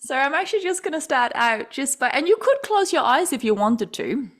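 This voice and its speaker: A woman hosting a podcast, effusive and rambling, full of fillers and warm praise. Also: high-pitched, big pitch swings, fairly quick. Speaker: podcast host. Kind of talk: emotional casual chat.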